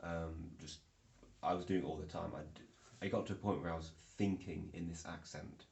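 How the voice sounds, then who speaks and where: A young man chats casually to camera, wandering through his story with frequent fillers and restarts. His voice is very low with a gravelly fry. The room adds a noticeable echo. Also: fairly even intonation, moderate pace, darkish tone. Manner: rambling, filler-heavy storytelling. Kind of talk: casual vlog chat. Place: indoor room. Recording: echoey room.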